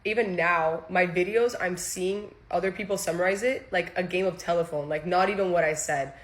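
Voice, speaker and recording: A young woman, a former content creator, telling a story in a casual monologue, animated and profane, restarting her sentences as she goes. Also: fairly low pitch, normal speed.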